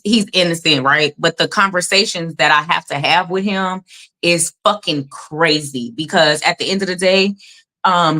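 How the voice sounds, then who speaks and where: A woman's voice: fairly low pitch, pushed and bright. A woman in her thirties and a mother, talking candidly and emphatically with lots of profanity in a casual livestream chat over a video call. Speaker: co-host and mother.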